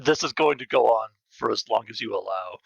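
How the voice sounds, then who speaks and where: A man's voice: on the low side, expressive, brisk, vocal fry, slightly rough, no echo, muffled recording. A man playing a tabletop game in a laid-back, amused way. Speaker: player. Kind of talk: casual tabletop play.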